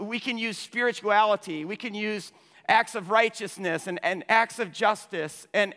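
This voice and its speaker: A man delivering a sermon, pitched a little high and bright in tone. He swings from loud, urgent passages to hushed ones, often repeating a word before pushing on. His voice carries a long reverb, as in a large hall. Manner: impassioned, repeats words when starting phrases, swings from loud to hushed. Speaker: pastor.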